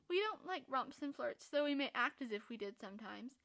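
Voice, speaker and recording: A woman reading a teasing young gentleman. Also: high-pitched, expressive, brisk, creaky, full character voice. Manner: playful, lightly mocking.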